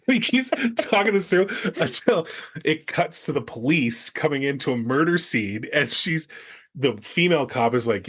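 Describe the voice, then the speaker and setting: A man's voice: medium pitch, animated, normal speed, fairly bright tone, breathy edge. A middle-aged man co-hosting a parenting podcast, chatting casually and telling stories with a self-deprecating streak. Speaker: podcast co-host. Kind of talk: casual chat.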